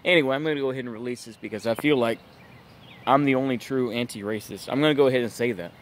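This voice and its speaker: Over a noisy background, a man from the United States talks fast in a medium pitch. He hosts his own channel as a political commentator, and this vlog is an exasperated, incredulous rant full of filler such as "bruh" and "it's just like."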